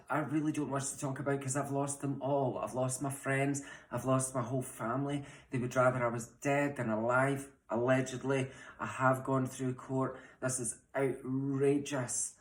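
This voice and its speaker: Young Scottish trans woman, impassioned direct-to-camera plea, blunt, echoey home room. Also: extremely low pitch. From Scotland. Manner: impassioned, frustrated, speaks bluntly with swearing. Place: home, room mid-move. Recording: roomy echo.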